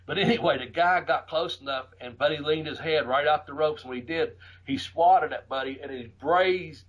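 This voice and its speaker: Middle-aged man, cussing storyteller, animated, laughs a lot, slightly high voice. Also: rough recording. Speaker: podcast host and former wrestler. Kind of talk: casual storytelling.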